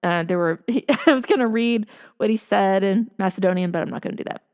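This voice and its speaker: Middle-aged woman narrating her own life story, conversational and amused, medium pitch. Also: brisk, a little mellow, clear, resonant tone. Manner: amused, chuckling often while telling; conversational with self-corrections and asides. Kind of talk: casual personal storytelling.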